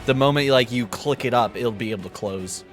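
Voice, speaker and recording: A man narrating a tabletop role-playing game as game master, animated and quick to laugh. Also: mid-range voice, faint music behind.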